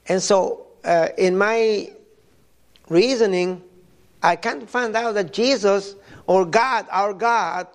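An older man from Mexico delivers a sermon, stopping often and repeating words as he tells personal stories. His voice sits high for a man and has a gravelly edge. He speaks at an unhurried pace. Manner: halting, repeats words, storytelling. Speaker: preacher.

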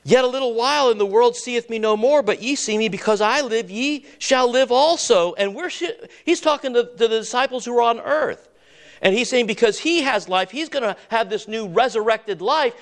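A preacher with a high voice leads his congregation through scripture, pausing to ask them questions and waiting for their answers. He drags out key words for weight, then drops low and quiet to press a point home. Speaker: pastor. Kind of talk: sermon.

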